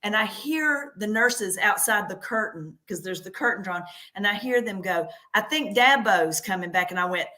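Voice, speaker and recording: A middle-aged woman from the South hosts a casual chat. She tells stories in an animated way, with a bright, clear tone. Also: mid-range voice, normal speed, few pauses. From American South. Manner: animated storyteller, drawling. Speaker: host.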